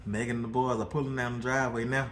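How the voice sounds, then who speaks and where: A man's voice: medium pitch, little pitch movement, fast, fairly bright tone, slight background noise. A man with a Southern US accent, casually vlogging from his kitchen at home as a father, chuckling and repeating words as he talks. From Mississippi, US.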